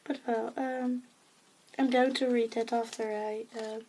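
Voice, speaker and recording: A woman with a Dutch accent, talking softly and hesitantly in a casual show-and-tell vlog, often dropping into a whisper, with many pauses and fillers. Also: a little high, flat delivery, slight background noise, low-quality recording. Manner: soft-spoken, often slipping into a whisper. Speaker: craft vlogger.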